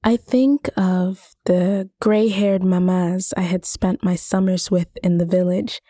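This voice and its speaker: A woman reading a first-person short story aloud in a measured, wry way. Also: fairly low pitch, fairly even intonation, mellow, no room sound, studio quality. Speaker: reader.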